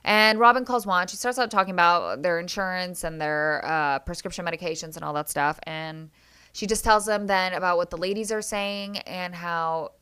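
A woman's voice: lowish voice, normal speed, sharp tone, clear, resonant tone. A young woman hosting a solo podcast who recaps reality TV episodes in a chatty, opinionated way and keeps calling her listeners guys. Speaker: podcast host.

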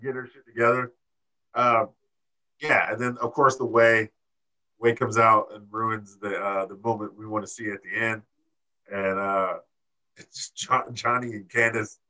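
A man co-hosting a casual wrestling chat, animated and swearing, acting out quotes in high voices. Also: low-quality recording. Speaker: podcast co-host.

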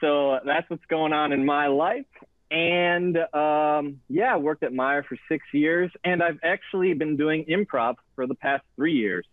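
A man's voice: fairly high pitch, unhurried, no echo. Goofy young man on a tinny line. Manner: goofy, energetic, jokey announcer bits. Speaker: guest. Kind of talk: casual chat. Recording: dry tinny phone-like line.

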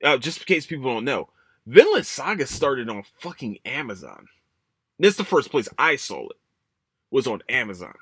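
Animated, swearing male podcast host. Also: mid-range voice, moderate pace, slightly rough, no room sound, studio quality. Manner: animated, profane ranting with many restarts. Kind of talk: casual solo podcast talk.

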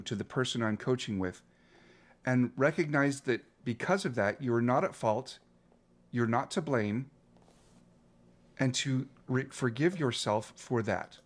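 A man in his fifties, a coach, speaking earnestly and reflectively as an interview guest, often restarting his phrases. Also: mid-range voice. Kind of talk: interview guest telling a story.

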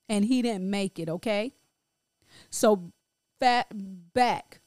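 A middle-aged grieving woman speaking in a halting, emotional personal monologue full of restarts. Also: mid-range voice, darkish tone, no echo. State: grief-stricken. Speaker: grieving mother sharing her story.

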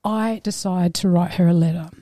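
A woman, a podcast guest telling a story in a lively, laughing way. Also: lowish voice, moderate pace. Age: adult. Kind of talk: casual storytelling.

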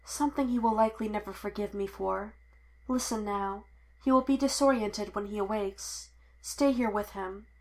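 A woman's voice: mid-range voice, fairly even intonation, normal speed, darkish tone, natural voice. Woman reading as a weary, grim male Jedi. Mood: quiet grim.

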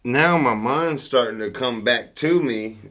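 A man's voice: medium pitch, measured pace, a bit bright. A Southern US man telling a story in casual chat, rambling and profane, with laughter breaking in.

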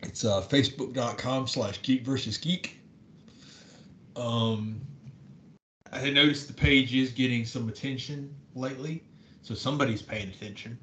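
A man's voice: a little slow, fairly bright tone. A man from the American South co-hosting a podcast in casual chat, rambling through his stories with lots of restarts and ums. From Southern United States. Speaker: podcast co-host. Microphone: desk microphone. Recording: echoey room with faint rumble.

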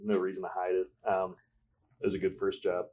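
A young man with a notably deep, low voice talks as a guest on a casual podcast. He rambles easily through his story with plenty of fillers and slips in dry, sarcastic asides. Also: monotone, brisk, mellow. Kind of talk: casual interview chat.

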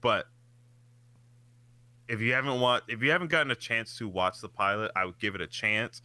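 A man co-hosting a casual podcast chat, animated and swearing freely, his voice jumping up when he gets excited. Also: lowish voice, normal speed, dry recording. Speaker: podcast co-host.

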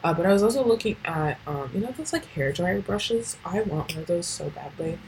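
A woman's voice: on the low side, animated, a little fast, darkish tone, a little hiss or hum, rough recording. A teenage girl hosting a casual solo podcast, rambling with lots of fillers and swearing. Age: teens. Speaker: podcast host.

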